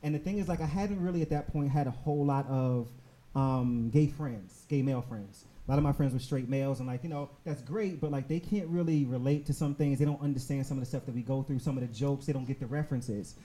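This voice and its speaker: A man hosting a live podcast show in front of an audience, chatty and quick to laugh, with plenty of fillers as he talks. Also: medium pitch, dark tone. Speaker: podcast host.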